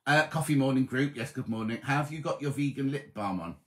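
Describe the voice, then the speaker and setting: A man's voice: medium pitch, brisk, a bit bright. A man hosting a live online coffee morning, chatting as he reads out viewers' messages and greets them as "my love". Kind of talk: casual live-stream chat greeting viewers.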